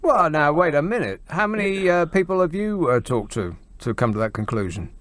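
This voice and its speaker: A man's voice: a little high, sing-song, brisk, a bit bright, no echo. A British man hosting a radio phone-in, talking in a dry, teasing, sarcastic way. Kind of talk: late-night radio phone-in chat. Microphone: studio microphone.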